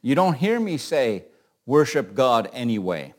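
Joking, conversational teacher. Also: male voice, mid-range voice, very animated, a little slow. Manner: conversational, joking asides, repeats words. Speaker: Bible class teacher. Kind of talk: informal Bible study teaching.

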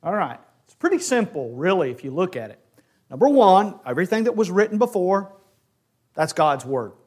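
A man's voice: sits high, normal speed. A man teaching a Bible class lesson, talking with energy and putting questions to his class. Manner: animated, asks the class questions.

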